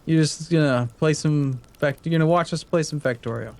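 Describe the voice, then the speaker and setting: A man's voice: a little high, a little fast. An American man chatting casually as a co-player in a gaming session, rambling with lots of fillers. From United States.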